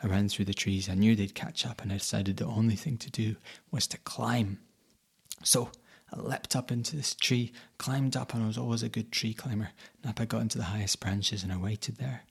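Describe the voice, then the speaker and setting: A man telling a folk tale in the first person, dramatic, dropping to whispers and rising to sudden loud bursts. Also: on the low side, flat delivery, brisk, vocal fry, husky. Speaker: storyteller.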